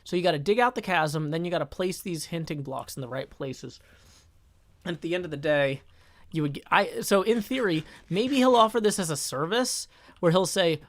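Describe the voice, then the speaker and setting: A man's voice: on the high side, normal speed, dry recording. A man streaming a game live, chatting casually, thinking aloud, cutting himself off mid-sentence and answering chat. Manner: thinks aloud, self-interrupting, reads chat. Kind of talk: casual live-stream commentary while gaming.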